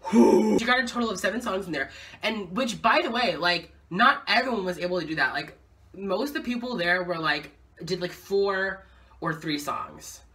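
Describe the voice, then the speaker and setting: Excitable, swearing young woman telling a story. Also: medium pitch, normal speed, recorded from a distance. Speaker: vlogger. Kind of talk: casual story time.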